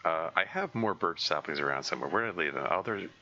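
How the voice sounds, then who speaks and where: Male streamer, deep but bright and lively voice, halting casual gameplay commentary, slightly dull lo-fi audio with faint hiss. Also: vocal fry. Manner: halting, thinking aloud with many fillers and restarts. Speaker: game streamer.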